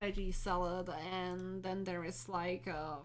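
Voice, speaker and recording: A woman's voice: fairly low pitch, little pitch movement, unhurried, a little hiss or hum. A woman streamer chatting casually with her viewers and thinking aloud.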